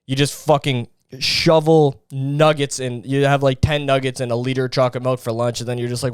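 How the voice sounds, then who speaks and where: A man's voice: medium pitch, level tone, a little fast, few pauses, clear, resonant tone, no echo, clean studio sound. A young man hosting a solo podcast, ranting in an exasperated, profane way about other people's habits. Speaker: podcast host.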